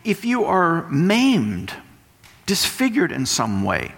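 Preacher. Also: male voice, high voice, huge pitch swings, slow pace, vocal fry, slightly rough. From West Texas. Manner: explanatory, emphatic teaching with repetition. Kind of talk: sermon. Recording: long hall reverb.

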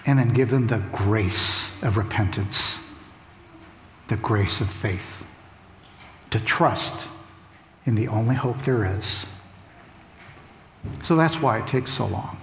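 A man's voice: lowish voice, slow, pauses often, a little hiss or hum. A man preaching a sermon, emphatic and repeating phrases for stress. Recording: echoey hall with faint ambience.

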